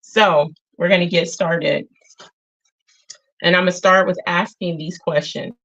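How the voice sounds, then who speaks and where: Low-voiced earnest woman on a livestream. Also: steady tone, creaky, a bit bright, muffled recording. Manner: unhurried, earnest, with many filler sounds. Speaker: livestream host. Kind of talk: casual spiritual livestream talk.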